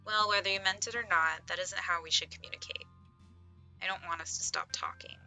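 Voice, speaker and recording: A woman reading the lines of a weary, gentle middle-aged mother in a game, calm and measured. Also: lowish voice, soft background music.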